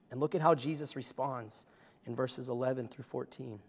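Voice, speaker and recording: A man's voice: medium pitch, fairly even intonation, moderate pace. Impassioned male pastor in a reverberant church. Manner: impassioned, conversational preaching. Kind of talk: sermon.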